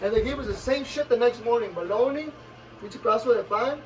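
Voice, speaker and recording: Brief: high, quick male vlogger, mixes English and Spanish, slightly distant mic. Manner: code-switching between English and Spanish, lively retelling with acted quotes. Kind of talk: casual storytelling chat.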